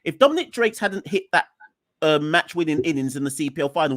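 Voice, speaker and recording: A man's voice: a little high, fast, no echo, studio quality. Exasperated man ranting on a podcast. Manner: animated, exasperated, rising to near shouts. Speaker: podcast co-host. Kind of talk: heated cricket podcast rant.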